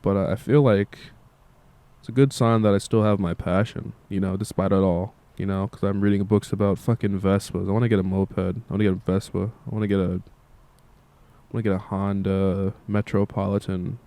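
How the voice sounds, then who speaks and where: A man's voice: low voice, fairly even intonation, moderate pace, mellow. A tired young man who makes music, talking in a meandering casual monologue and swearing freely. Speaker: musician vlogger.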